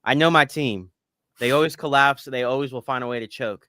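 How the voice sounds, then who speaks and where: A man in his thirties co-hosting a casual sports podcast, telling animated stories and swearing casually. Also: mid-range voice, a little fast, dry recording, clean studio sound. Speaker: podcast co-host.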